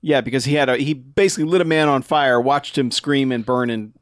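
A man with a mid-range voice chats easily on a movie podcast, slipping in personal stories and jokes. The sound is close and dry. He keeps a relaxed, conversational pace. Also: medium pitch, brisk, no room sound. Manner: easygoing, anecdotal, comic asides. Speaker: podcast co-host. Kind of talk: casual movie-review chat.

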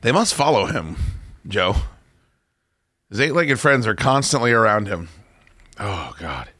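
Profane ranting talk-show host, bright voice. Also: male voice, on the low side, big pitch swings, unhurried, no room sound, clean studio sound. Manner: profane, ranting, bursts into shouting and laughter. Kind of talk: casual radio-show rant.

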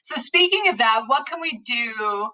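A woman hosting a podcast who speaks in a supportive, thoughtful way and offers gentle affirmations. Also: a little high, animated, unhurried, distant mic, poor audio. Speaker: podcast host. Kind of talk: conversational interview.

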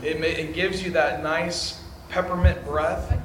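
A man chatting casually, drawn out and slow. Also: a little high, flat delivery, noisy background. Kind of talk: casual chat. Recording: echoey crowded hall.

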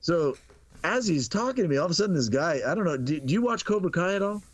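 Man, middle-aged, podcast guest, animated storyteller, lively pitch, dry close mic. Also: fast talker, no echo. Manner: animated, acts out dialogue, laughs often. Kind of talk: casual storytelling.

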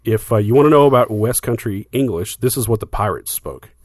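A man's voice: lowish voice, lively intonation, fairly quick, no room sound, clean studio sound. A man co-hosting a podcast, casually explaining music history with lots of fillers and restarts. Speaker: podcast co-host.

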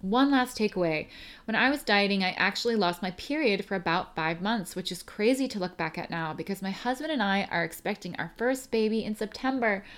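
A young woman hosts a casual solo podcast. She rambles and chats in an emotional way and laughs through tears as she reads a listener email aloud. Her voice sits at a middle pitch for a woman. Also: lively intonation, fairly quick, fairly bright tone. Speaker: podcast host.

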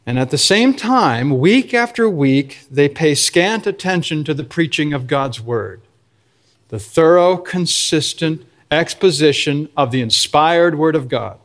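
A male pastor delivering a sermon, earnest, with slow emphatic phrases. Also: a little high, animated, a bit bright.

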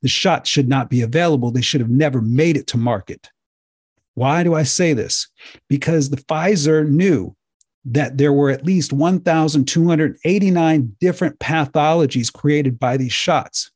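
A man giving an impassioned lecture-style talk to viewers, emphatic and repetitive, his voice getting hoarse. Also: on the high side, normal speed, darkish tone, no echo, clean studio sound. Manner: emphatic, preachy, repeats himself. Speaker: speaker addressing viewers.

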